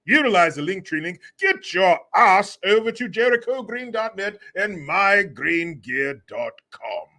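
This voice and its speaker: A man putting on a grand, slow butler voice. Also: high voice, sing-song, bright, forceful tone, exaggerated voice. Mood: grandly formal. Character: stately male butler, formal and slow.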